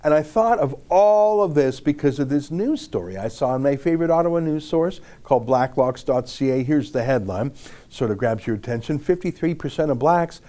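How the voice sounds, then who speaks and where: Mellow-voiced man reading emphatically. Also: mid-range voice, animated. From Canada. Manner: emphatic, slow deliberate reading. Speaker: political commentator. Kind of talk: opinion commentary reading an essay aloud.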